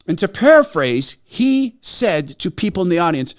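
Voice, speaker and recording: A man hosting a talk show, his fairly high voice swinging widely in pitch. He speaks in a sarcastic, emphatic and mocking manner. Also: sing-song, normal speed, few pauses. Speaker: host. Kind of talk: opinionated talk radio monologue.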